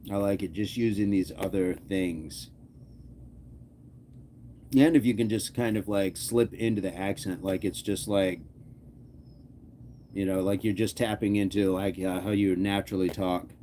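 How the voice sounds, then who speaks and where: A man with a fairly low voice chats casually with his live audience as a fitness channel host. He jokes around and laughs often, riffing loosely. A faint ambient hum runs underneath. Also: steady tone, unhurried, long pauses, mellow. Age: adult. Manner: chatty, jokey, laughs often. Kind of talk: casual live-chat talk.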